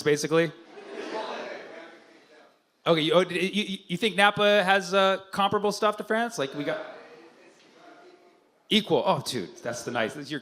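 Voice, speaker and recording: A man's voice: fairly high pitch, noisy background. A man doing stand-up crowd work at a live comedy show, bantering brashly and profanely with the audience.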